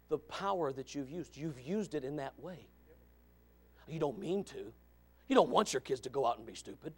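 High-voiced preacher shouting a sermon. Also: male voice. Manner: fiery preaching, swings from shouting to low asides. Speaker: pastor.

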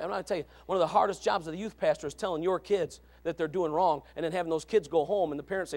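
Man, pastor, high and gravelly, sermon delivery with big loud-soft swings. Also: rapid-fire, hardly any pauses. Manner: swings between loud shouting and low murmured asides.

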